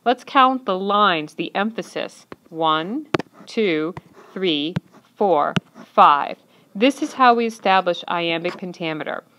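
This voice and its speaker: A woman's voice: lowish voice, lively intonation, takes it slowly, noisy background. A woman teacher narrating an instructional lesson, patiently counting and clapping out syllables step by step.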